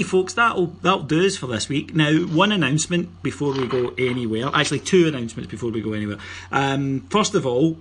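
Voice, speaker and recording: Bright, husky Scottish man hosting. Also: medium pitch. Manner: jokey, teasing, plugs the show. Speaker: podcast host. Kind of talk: casual football podcast chat.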